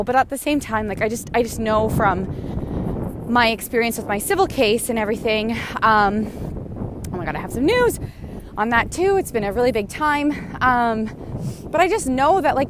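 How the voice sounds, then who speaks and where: A woman hosting a podcast talks through her frustrations in a loose, rambling monologue, dropping swear words freely. She is recorded outdoors on a walk, and faint outdoor ambience sits behind her fairly high voice. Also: a little hiss or hum. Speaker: podcast host. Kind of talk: casual spoken monologue. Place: outdoors, walking near a goose.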